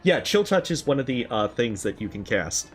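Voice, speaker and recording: A man giving casual gameplay commentary, relaxed and rambling, with frequent fillers. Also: mid-range voice, normal speed, soft background music. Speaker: gaming channel host.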